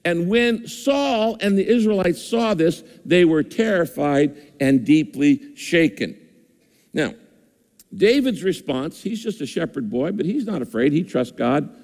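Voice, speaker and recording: A man preaching a sermon, emphatic and repetitive, speeding up and slowing down for effect. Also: on the high side, lively intonation, darkish tone. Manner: emphatic, repeats phrases, shifts between fast and slow. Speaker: pastor. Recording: long hall reverb.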